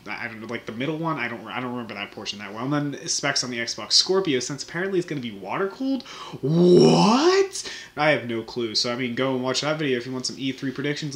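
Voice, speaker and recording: A man's voice: mid-range voice, pushed and bright. A young man hosting a casual weekly recap of his channel's videos, rambling and joking with lots of fillers and restarts. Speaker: channel host recapping the week.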